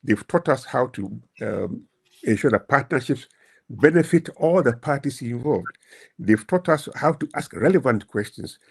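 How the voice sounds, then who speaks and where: A man speaking as a panelist in a webinar, measured and full of hesitations, heard over a video call. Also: medium pitch, husky.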